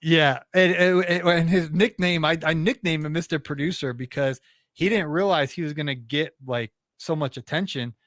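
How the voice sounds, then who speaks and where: A man's voice: fairly high pitch, normal speed, a bit bright, no echo, clean studio sound. A man being interviewed about his podcast, talking earnestly and at length in a casual way, often restarting his sentences. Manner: earnest, talkative, many restarts. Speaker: podcast host, interview guest.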